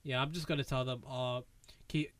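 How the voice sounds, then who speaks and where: A man's voice: medium pitch, fairly even intonation, normal speed, slight background noise. A young man co-hosting a podcast, chatting casually in a rambling, self-mocking way. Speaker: podcast co-host. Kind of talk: casual chat.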